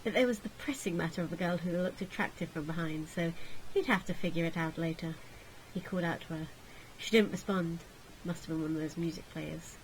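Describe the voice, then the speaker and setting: A woman's voice: fairly low pitch, brisk, a little hiss or hum, poor audio. A woman hosting a gaming video, reading a visual novel aloud in a sarcastic, jokey manner.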